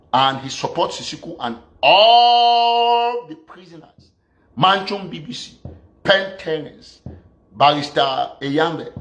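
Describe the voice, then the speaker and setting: A man's voice: on the high side, fairly bright tone. A man from Southern Cameroon, ranting as a political activist. He scolds his opponents and fires off one rhetorical question after another. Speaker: activist commentator. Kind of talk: political rant.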